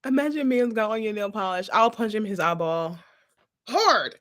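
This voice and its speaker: A woman hosting a vlog in casual chat to camera, animated and sassy, often laughing. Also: mid-range voice, brisk. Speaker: vlog host.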